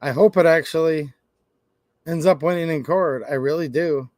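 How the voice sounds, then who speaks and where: A man's voice: fairly high pitch, moderate pace, a little mellow, dry recording, clean studio sound. A man giving a sarcastic opinion monologue on gun laws, acting out both sides of imagined conversations. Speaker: gun rights commentator.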